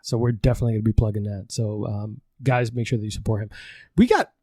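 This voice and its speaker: A man's voice: lowish voice, fairly even intonation, fast talker, a little mellow, no echo. A man hosting a podcast in a loose, casual chat, swearing often and laughing as he rambles. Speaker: podcast host.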